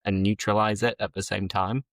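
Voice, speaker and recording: Yorkshire guy hosting a chat, lowish voice, friendly questions, dry sound. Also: level tone, brisk, no room sound. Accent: Yorkshire English. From northern England, Yorkshire. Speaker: host, English teacher. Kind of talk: casual interview.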